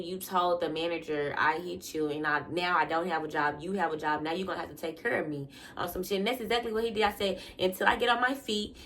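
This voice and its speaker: Animated young woman telling a storytime. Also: a little hiss or hum. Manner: animated, laughing, acts out quotes with big pitch jumps. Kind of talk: casual storytime vlog.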